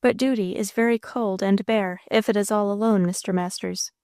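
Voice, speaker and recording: A woman voicing a proud, reserved young woman who is quietly unhappy, speaking slowly and with careful composure. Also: medium pitch, steady tone, clean tone, no echo, clean studio sound, natural voice.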